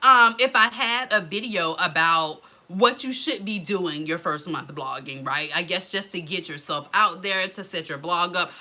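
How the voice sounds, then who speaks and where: A woman chatting on a live stream. Her voice is very bright and sharp, and she keeps calling out to viewers, saying "girl" and "y'all" in a friendly, casual way. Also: lowish voice, expressive, moderate pace, hardly any pauses. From Florida. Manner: chatty, greets commenters by name, says "girl" and "y'all". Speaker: blogger hosting a live stream.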